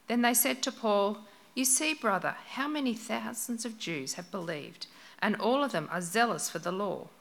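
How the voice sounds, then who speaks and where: A woman reading a scripture passage aloud in church, steady and measured. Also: mid-range voice. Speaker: Bible reader.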